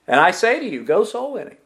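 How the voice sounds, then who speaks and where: Guy preaching a sermon, high voice that swoops all over, quizzes the congregation and repeats what they say. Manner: asks the congregation questions and repeats their answers; emphatic preaching with lively rises and drops. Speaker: pastor.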